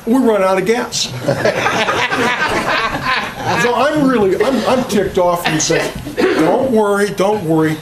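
A man's voice: high-pitched, expressive, takes it slowly, long pauses, over a noisy crowd. A man giving a casual, folksy workshop talk on carving to an audience, rambling a little and telling jokes. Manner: folksy, rambling, tells jokes, restarts words. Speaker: chainsaw carving instructor. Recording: distant mic, faint room ambience.

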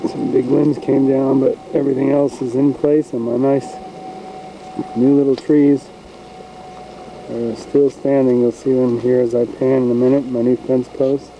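A chatty country man rambles on about his land while filming outdoors. His voice is very dark and mellow, at an everyday pitch for a man. Faint outdoor noise sits under the camcorder sound. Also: flat delivery, a little slow, gravelly, low-quality recording. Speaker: home video maker. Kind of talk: casual narration while filming. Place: outdoors on a rural farm. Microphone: handheld camcorder mic.

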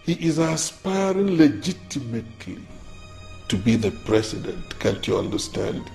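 A man's voice: medium pitch, sing-song, unhurried, gravelly, darkish tone, faint music behind. An actor with a Nigerian accent playing a stern father who lectures his son about marriage, in a film. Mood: insistent. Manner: insistent, lecturing. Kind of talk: Nollywood film acting.

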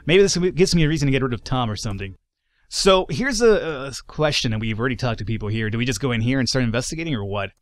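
A man's voice: mid-range voice, expressive, fast. A man narrating his playthrough of a video game in a rambling, chatty way, with lots of asides. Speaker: let's play host. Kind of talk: casual gameplay commentary.

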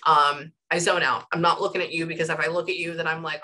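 A woman astrologer and psychic reader gives a casual one-on-one session over a video call from a room at home, using headphones. Her voice is low, flat and fast, with crowd noise in the background, and she's chatty and rambling, saying "like" a lot.

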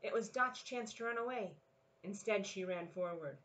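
A woman in her thirties, a children's librarian, leading a family storytime with a lively, encouraging read-aloud manner. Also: mid-range voice, moderate pace, low-quality recording.

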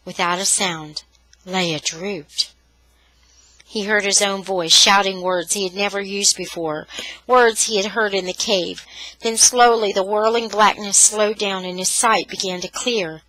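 A woman storyteller reads a novel chapter aloud with dramatic expression. Her voice is bright and crisp. The recording is dry and close, with no room sound. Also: medium pitch, fairly even intonation, measured pace, dry recording, poor audio. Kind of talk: scripted narration.

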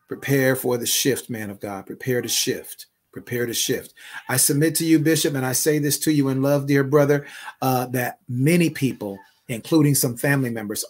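A man who is a prophetic minister delivers a prophetic word and prayer, repeating phrases and building to loud, emphatic declarations. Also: medium pitch.

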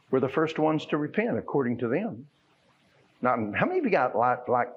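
A man's voice: on the high side, big pitch swings, normal speed, breathy edge, lo-fi sound. A man preaching a sermon in a folksy, conversational way that swells into fervent emphasis. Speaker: pastor. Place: church sanctuary.

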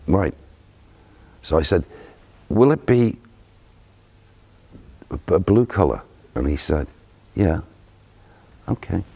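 Very deep gravelly older man storytelling. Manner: animated storyteller who acts out quoted voices. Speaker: interviewee, spiritual medium. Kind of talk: anecdotal storytelling. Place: theatre.

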